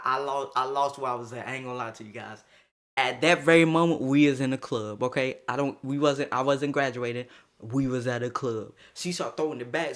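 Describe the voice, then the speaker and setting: A young man streaming a casual storytime, slangy and animated, laughing as he tells it. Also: medium pitch.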